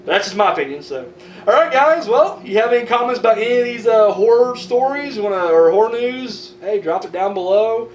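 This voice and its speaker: A man's voice: sits high, lively intonation, a little fast. A man hosting a horror news vlog, ranting and swearing in casual, rambling commentary. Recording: roomy, distant mic, faint noise.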